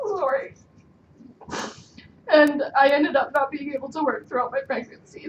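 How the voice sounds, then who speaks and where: A nervous young woman sharing her personal story in front of a group for the first time, apologizing and getting tearful. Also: high-pitched. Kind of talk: personal testimonial speech. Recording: dull, echoey distant room sound with noise.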